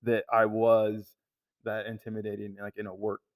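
A man telling a story about work in casual conversation, halting and restarting, with lots of "like" fillers. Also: on the low side, completely flat delivery, dry recording, distant mic, narrow, tinny audio.

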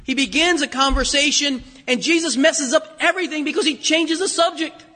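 A man with a very high, bright voice preaches a chatty sermon, tossing rhetorical questions at his listeners. His voice rings with a long hall reverb. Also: fairly quick. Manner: chatty, full of rhetorical questions, acts out quotes. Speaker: pastor. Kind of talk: conversational sermon.

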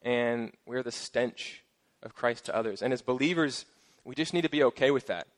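A middle-aged pastor preaches at a normal speed with a mid-range voice. His style is informal and playful, featuring joking asides and spirited emphasis.

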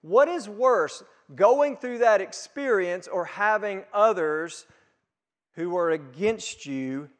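A man preaches to a congregation at an unhurried, deliberate pace, his voice sitting a bit high. He leans into words with sudden rises and drops while quoting scripture. The sound rings with the long reverb of a large church hall. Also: expressive. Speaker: pastor. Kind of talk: sermon.

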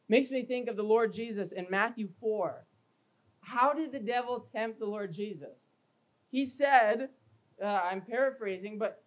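A man's voice: high voice, a little slow, rough recording. A man preaching a sermon as pastor, emphatic, reading scripture aloud and acting out everyday scenes for his congregation. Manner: emphatic, reads scripture aloud in King James wording; acts out everyday scenes with quoted voices.

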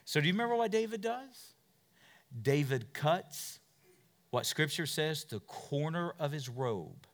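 A man preaching a sermon and retelling scripture stories, swinging from loud, urgent passages to hushed asides and asking his listeners question after question. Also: fairly high pitch, expressive, unhurried. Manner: asks the listeners many questions.

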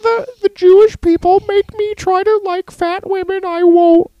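Shrill quavering old pundit guy, preachy and overwrought,, whiny. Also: steady tone, a little slow, warm tone, no room sound, muffled recording. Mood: mock-solemn. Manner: high strained whine, mock-solemn.

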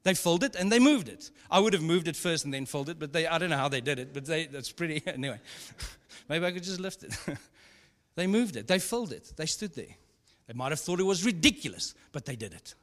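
Animated and fairly quick, this man's fairly high, slightly bright voice carries a sermon he gives as pastor. He narrates in a humorous, chatty manner with laughs and many asides, recorded with long hall reverb.

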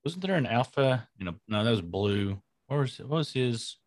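A man's voice: mid-range voice, animated, moderate pace, no echo, clean studio sound. A man co-hosting a casual podcast, bantering and laughing easily. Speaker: podcast co-host. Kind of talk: casual chat.

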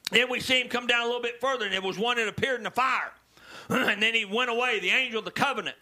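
A male preacher delivering a sermon, dropping to low murmurs and rising to shouted calls to the congregation. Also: quick pace. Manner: swings from low murmurs to loud shouted exhortations.

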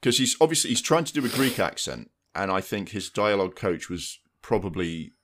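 A man's voice: on the low side, very animated, fairly quick, fairly bright tone. A man co-hosting a podcast, chatting casually about new releases and rambling through restarts. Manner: rambling, restarts mid-sentence. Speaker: podcast co-host. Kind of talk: casual film chat.

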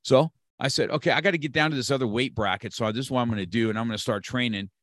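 Racing along in a mid-range, fairly bright voice, a sixty-ish martial arts instructor from California talks as a guest. Emphatic and motivational, he repeats key phrases, and the studio recording is clean with no echo.

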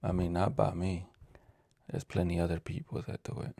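A man's voice: sits low, completely flat delivery, normal speed, gravelly, dark tone, slightly rough, dry recording, clean studio sound. A man from ranting casually on his own video, profane and rambling, stumbling over words as he reads the news aloud. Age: adult with a child. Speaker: vlogger.

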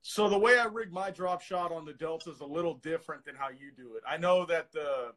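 A man chatting casually as a guest, telling fishing stories in an excited, swearing, slangy way. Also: fairly high pitch, brisk. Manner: excitable storyteller, heavy swearing and "dude". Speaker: guest angler. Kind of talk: casual podcast chat.

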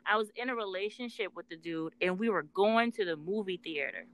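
A woman's voice: medium pitch, fairly quick, a bit bright, rough recording. A woman co-hosting a casual talk, speaking earnestly and emphatically about love and healing, with swearing. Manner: earnest, emphatic, profane storytelling. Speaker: podcast co-host, spiritual intuitive worker.

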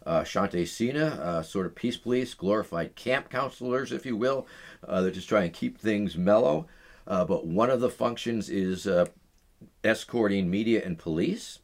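A man's voice: fairly low pitch, moderate pace. A middle-aged man, an interview guest, telling stories in a rambling way full of uh and um fillers. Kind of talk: casual storytelling in an interview.

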